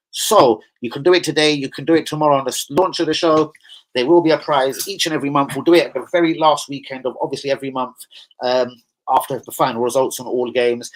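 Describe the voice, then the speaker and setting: A man's voice: fairly high pitch, low-quality recording. Ranting man talking to his viewers. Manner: animated, swearing, ranting, streetwise slang. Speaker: channel host. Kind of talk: casual vlog chat to viewers.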